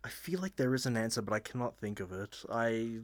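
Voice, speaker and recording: A man with an ordinary mid-range voice co-hosts a relaxed movie podcast. He answers slowly and thoughtfully, trailing off as he searches for words. The recording is close and dry. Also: medium pitch, no room sound. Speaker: podcast co-host. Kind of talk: casual movie chat.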